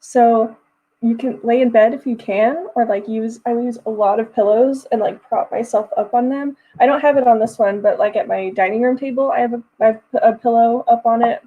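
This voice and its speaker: A woman's voice: fairly high pitch, steady tone, normal speed, narrow, tinny audio. A young woman hosting a writing livestream, chatting casually with viewers, giggling often and talking in loose, restarting phrases. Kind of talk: casual livestream chat reading comments.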